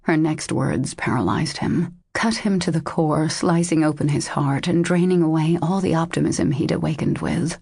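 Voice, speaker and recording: A woman narrating a romance audiobook in a steady, measured way. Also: low voice, vocal fry, slightly rough, no room sound, clean studio sound. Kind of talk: scripted narration.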